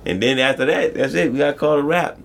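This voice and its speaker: A man's voice: fairly high pitch, fast talker, gravelly. Joking, profane man in podcast banter. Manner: joking, profane, slips into mock voices. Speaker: podcast co-host. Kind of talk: casual sports podcast banter.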